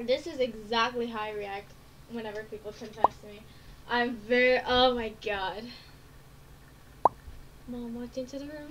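A woman streamer giving casual let's-play commentary at her home computer, excitable, with gasping and squealing reactions. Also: fairly high pitch, unhurried, very noisy. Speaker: gaming streamer. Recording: keyboard clicks in background. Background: typing on a keyboard.

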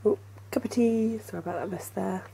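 A woman's voice: medium pitch, a little fast, gravelly, warm tone, a little hiss or hum. A young woman in casual vlog chat at home, chatty and apologetic, laughing often, speaking through a headache. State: has a headache. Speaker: family vlogger. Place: home, indoors.

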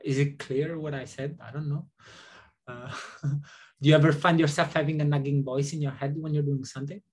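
A man's voice: fairly high pitch, fairly even intonation, fairly quick, a little mellow. Guy hosting a group chat, lots of uhs and restarts, jokey. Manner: hesitant, many fillers and restarts; playful, laughs often. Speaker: seminar host. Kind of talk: casual group discussion.

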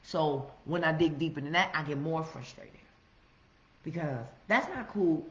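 A woman giving a casual, profane motivational monologue, preaching with loud emphatic outbursts. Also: sits low, measured pace. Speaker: motivational vlogger. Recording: roomy, slightly muffled recording.

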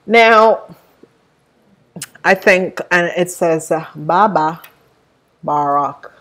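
A woman with a somewhat low voice talks slowly through an unboxing. She gushes over each detail and rambles off into personal tangents, filling pauses with ums. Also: steady tone, fairly bright tone. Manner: gushing, rambling, with many fillers. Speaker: tarot deck reviewer. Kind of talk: unboxing review vlog.

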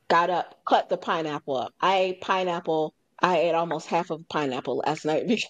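This woman has a lowish voice and hosts a radio talk show in an easy, chatty way. She tells stories with animation and slips into other people's lines as she goes. She repeats her main points for emphasis. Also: a little fast, hardly any pauses. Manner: emphatic, repeats key phrases. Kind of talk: casual chat.

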